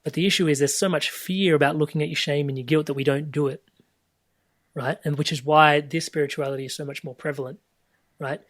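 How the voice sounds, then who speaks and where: A man talking as a podcast guest over a video call, reflective and searching, often restarting phrases and letting them trail off softly. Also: fairly high pitch, fairly even intonation, fairly quick, dry recording. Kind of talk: reflective conversational storytelling.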